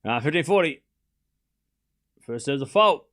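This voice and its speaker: A young man hosts a live tennis watchalong, calling points and chatting casually with viewers, answering their questions between rallies. His voice is fairly high and fairly bright, expressive, and delivered at a measured pace.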